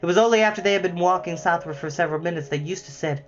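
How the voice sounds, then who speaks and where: A man reading a children's novel aloud as storyteller, with lively expression. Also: high-pitched, racing, music in the background. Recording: slightly muffled lo-fi recording.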